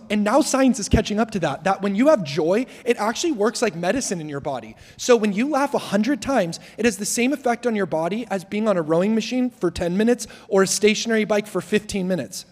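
High-voiced young man preaching, joking. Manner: joking, self-deprecating, lively storytelling. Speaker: guest preacher. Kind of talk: sermon. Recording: long hall reverb.

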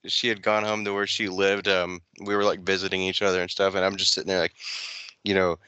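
A young man with a lowish, bright, forceful voice rambles through a casual podcast chat. He leans on filler words and tells things loosely. The sound is dry and close. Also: level tone, a little fast, clean tone, no room sound, muffled recording. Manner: rambling, heavy filler words, laughs often. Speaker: podcast co-host.

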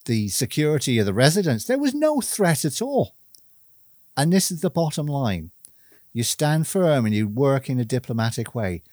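A man speaking a personal, reflective monologue to camera, earnest and measured, stressing key words through repetition. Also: mid-range voice, a little mellow, no echo, studio quality.

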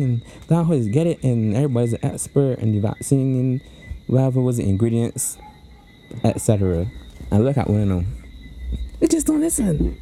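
A woman co-hosting a casual podcast chat, animated and often laughing. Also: extremely low pitch, brisk. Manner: animated, laughing, sing-song teasing rhymes. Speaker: podcast co-host.

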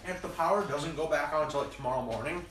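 A man's voice: fairly high pitch, quick pace. A young man hosting a casual chat, rambling with lots of fillers and restarts. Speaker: podcast host. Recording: roomy, distant mic with background noise.

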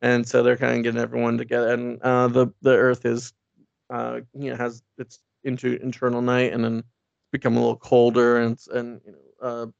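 Guy rambling and laughing through comic plots, gravelly voice, kinda dull dry audio. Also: medium pitch, completely flat delivery, a little fast, no room sound. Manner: rambling, laughing, acts out characters' lines. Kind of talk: casual comic book chat.

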